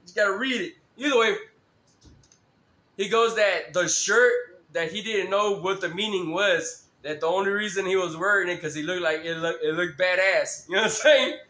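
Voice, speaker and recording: High, bright-voiced profane male streamer. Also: normal speed, reverberant. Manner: profane, rambling, laughs often. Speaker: live streamer. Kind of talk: rambling live-stream storytelling.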